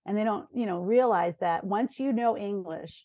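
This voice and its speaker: A woman from New York, a professor talking as an interview guest, telling stories in a lively way and often checking in with "right?". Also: mid-range voice, normal speed, no room sound. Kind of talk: conversational interview. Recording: dry, dull lo-fi remote recording.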